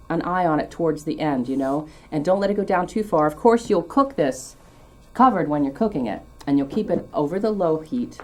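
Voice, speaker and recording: A woman's voice: deep voice, darkish tone. A woman hosting a cooking show, demonstrating a dish in a chatty, enthusiastic way with light teasing.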